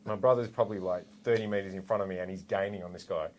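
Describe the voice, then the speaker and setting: A man in his forties with an Australian accent, a former police officer telling a story in a relaxed, animated way with lots of asides. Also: low-pitched, rapid-fire, slight background noise. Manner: animated, rambling with fillers and asides. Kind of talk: casual storytelling anecdote.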